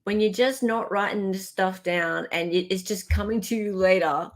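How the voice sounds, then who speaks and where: A woman with an Australian accent hosting a casual live stream, chatting and joking with quick asides. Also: medium pitch. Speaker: livestream host.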